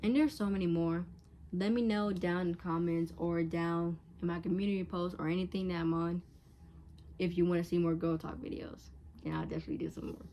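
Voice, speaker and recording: A woman's voice: fairly low pitch, fairly even intonation, brisk, dark tone, a little hiss or hum. A teenage girl vlogger giving frank, chatty advice straight to camera, casual and blunt. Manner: chatty, frank, acts out catty voices in quotes.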